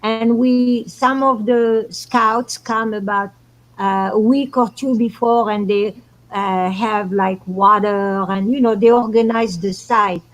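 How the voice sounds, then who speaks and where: A woman's voice: medium pitch, steady tone, slow, poor audio. A woman guest on a talk show, telling spiritual stories in an earnest, meandering way. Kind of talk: casual storytelling chat.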